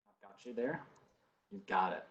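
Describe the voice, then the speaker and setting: A man with a Southern US accent hosting a webinar over a video call and asking polite, brisk questions. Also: medium pitch, a bit bright, lo-fi sound. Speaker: webinar host.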